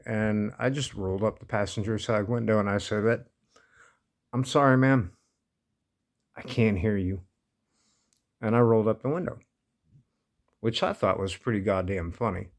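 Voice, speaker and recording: A man's voice: on the low side, creaky. A man casually telling a personal story, laid-back and amused, often breaking into laughter. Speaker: vlogger.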